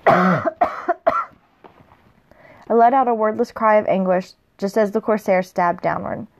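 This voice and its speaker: A woman reads a first-person novel aloud in a casual, unpolished way, at a medium pitch. She stumbles on a word now and then and goes back to fix it. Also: darkish tone, muffled recording. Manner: plain reading, with slips and self-corrections. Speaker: reader.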